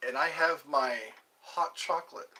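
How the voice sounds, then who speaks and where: A man's voice: a little high, fairly even intonation, unhurried, pushed and bright. A man hosting his own casual vlog, musing aloud and drifting from one topic to the next. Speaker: channel host. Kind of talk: casual solo vlog chat. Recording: voice a bit far from the mic.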